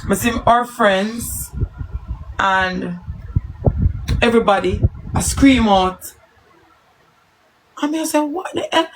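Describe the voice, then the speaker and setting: Gravelly Jamaican woman chatting on a live stream. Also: a little high, a little hiss or hum, poor audio. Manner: chatty, answers viewers in patois, tells stories. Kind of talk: casual live-stream chat.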